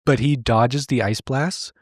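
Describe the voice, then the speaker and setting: A man on a comedy podcast recaps an old cartoon, narrating with sarcasm and disbelief in a medium-pitched, steady, unhurried voice. He's on a remote call mic, yet the audio is clean and studio-like with no echo.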